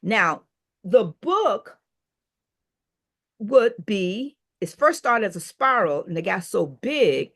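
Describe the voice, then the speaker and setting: A woman's voice: medium pitch, slow pace, pauses often. An older woman, a business owner, telling a story as a podcast guest and acting out the people she quotes. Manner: animated storyteller who acts out quoted dialogue. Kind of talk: storytelling in an interview.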